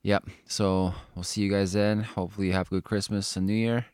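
A man's voice: on the low side, flat delivery, fairly quick, a little mellow, smooth, no echo, studio quality. A man co-hosting a podcast in loose casual chat, rambling with lots of "like" fillers and offhand swearing. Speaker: podcast co-host.

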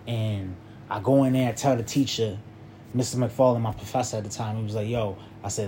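A man's voice: fairly low pitch, steady tone, a little fast, mellow, a little hiss or hum. A young man casually telling a personal story in a loose, rambling way, often checking in with the listener. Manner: loose, rambling, repeats "you feel me".

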